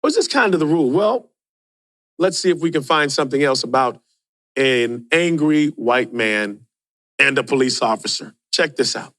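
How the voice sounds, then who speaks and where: A man's voice: medium pitch, lively intonation, normal speed, a bit bright, dry recording, studio quality. A man hosting a podcast, commenting casually on video clips and often asking rhetorical questions. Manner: rhetorical, asks questions and adds "right?". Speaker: podcast host.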